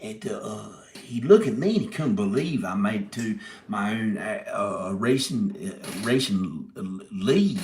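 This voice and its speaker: A man's voice: fairly low pitch, lively intonation, measured pace, darkish tone, slight background noise. A man telling a rambling comic story, stopping and restarting his words and giggling often. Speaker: video maker telling a story. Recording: echoey room.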